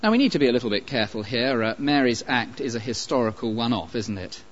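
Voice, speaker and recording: A man preaching a sermon, emphatic and animated, with pauses and light asides. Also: medium pitch. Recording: dull lo-fi recording.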